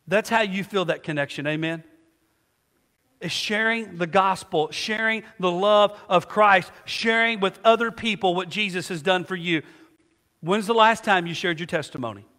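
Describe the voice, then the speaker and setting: A male pastor with a high, bright, ringing voice preaches in call-and-response style, leaving gaps for the congregation to fill in. His voice carries a long reverb tail, as if it fills a big hall. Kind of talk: sermon.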